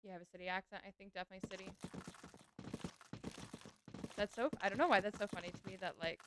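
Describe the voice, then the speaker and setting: A woman talking her way through a live game stream, chatty and easygoing as she answers chat between tasks. Her voice sits at an ordinary middle pitch, with a faint hiss behind it. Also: steady tone, fast. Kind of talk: casual live-stream chat while gaming.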